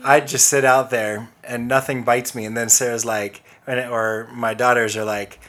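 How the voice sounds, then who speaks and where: A relaxed man in his thirties talking on a casual podcast. He asks questions, trades bad jokes and laughs along with his co-host. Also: medium pitch, normal speed. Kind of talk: casual chat.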